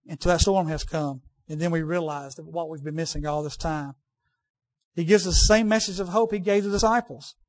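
A man with a notably high-pitched voice delivers a sermon to his congregation. He talks in a plain, conversational way, often restarting sentences and repeating key phrases for emphasis. He slips into folksy asides addressed to people in the room. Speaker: preacher.

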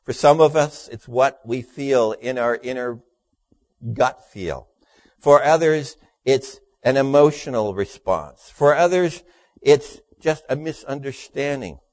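Man preaching, dropping low for punchlines. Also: slow pace, no echo. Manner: dry storytelling, voice drops low for punchlines. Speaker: pastor. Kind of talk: sermon with jokes.

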